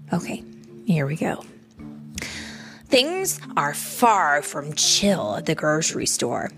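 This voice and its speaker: A woman reading a children's story aloud to her child in a gentle, playful way. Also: medium pitch, creaky.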